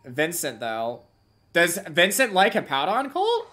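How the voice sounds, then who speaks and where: A woman streaming a game live, chatting with viewers in excitable gamer slang. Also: on the low side, a little slow. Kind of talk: live gameplay streaming chat.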